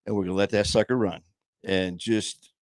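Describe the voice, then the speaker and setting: A man's voice: on the low side, fairly even intonation, moderate pace, no room sound. A man hosting a casual chat show from a home studio, rambling with many fillers and restarts. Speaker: podcast host. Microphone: headset.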